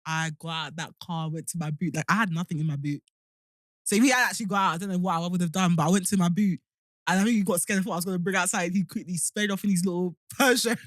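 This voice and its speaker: A young woman, co-hosting a podcast in casual chat, telling stories in an animated way and swearing freely. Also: fairly low pitch, fast talker, dry recording, studio quality. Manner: animated storytelling, swears freely, acts out shouting. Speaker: podcast co-host.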